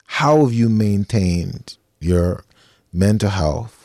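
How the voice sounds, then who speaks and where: A man hosting a podcast, asking his guest questions in a measured, reflective way. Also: fairly low pitch, expressive, gravelly, darkish tone, no echo. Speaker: podcast host. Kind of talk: interview questions. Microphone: remote call.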